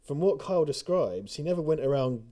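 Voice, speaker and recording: A man's voice: on the high side, animated, a little fast, mellow. A man co-hosting a film commentary, talking casually and sarcastically, swearing often and slipping into mocking voices.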